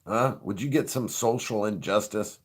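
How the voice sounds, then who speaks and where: A man's voice: on the low side, normal speed, slightly rough. A middle-aged man hosting a show, chatting casually, swearing freely and laughing often as he rambles. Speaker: show host. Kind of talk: casual joking chat.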